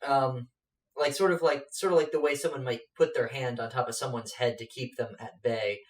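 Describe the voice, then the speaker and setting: A man narrating a tabletop game as game master, halting with lots of fillers. His voice rings off a roomy space. He sits some distance from the mic. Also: mid-range voice, fairly even intonation. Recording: echoey room, off-mic.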